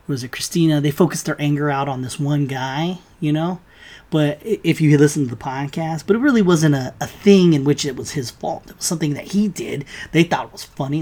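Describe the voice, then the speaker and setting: A man's voice: a little high, slightly rough. A man hosting his own show, delivering a heated, profane, sarcastic solo rant to his listeners. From United States. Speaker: podcast host.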